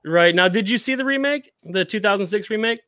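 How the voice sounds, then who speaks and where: Man, podcast host, high voice, dry sound, laughs a lot, casual. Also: animated, brisk, bright, forceful tone, no room sound. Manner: laughs often, lots of "uh" fillers. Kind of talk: casual movie review chat.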